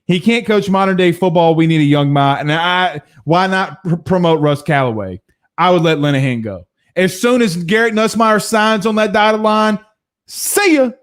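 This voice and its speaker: A higher-pitched man with a drawl, hosting a loose post-game sports talk stream. He talks bluntly and heatedly, swears freely and breaks into laughs between rants. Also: moderate pace, smooth. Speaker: sports show host reading viewer comments.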